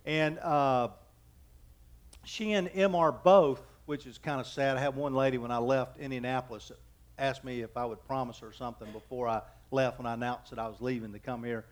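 A man's voice: medium pitch, steady tone. A man in his fifties preaching a sermon as pastor, telling folksy, joking anecdotes and often stopping to restart his sentences. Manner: halting, with frequent restarts.

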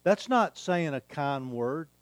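A man's voice: fairly high pitch, animated, slow pace, clean tone, dry recording. A man preaching a sermon, emphatic and repeating his key phrases. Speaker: pastor.

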